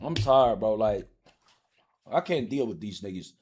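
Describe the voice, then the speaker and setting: A man's voice: lowish voice, lively intonation, unhurried, darkish tone, slight background noise. A man live streaming, ranting heatedly and profanely about soccer, repeating himself as he argues with his chat.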